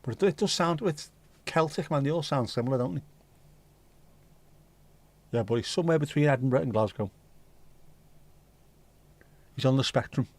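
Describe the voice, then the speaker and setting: Pausing often, a man hosting a livestream reads out viewer comments and chats in a loose, rambling way with an occasional swear. He talks at normal speed in a mid-range voice with a darkish tone.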